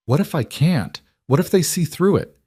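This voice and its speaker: A man's voice: fairly high pitch, expressive, normal speed, darkish tone, husky, no room sound, clean studio sound, voice pushed up. A man voicing a guilt-ridden older mother whose voice shakes and breaks. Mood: fearful. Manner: shaky, breaking voice.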